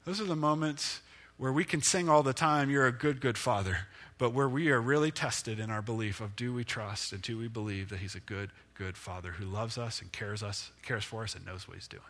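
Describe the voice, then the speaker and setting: A male pastor giving a conversational, self-deprecating sermon with lively rises and falls in pitch. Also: a little fast.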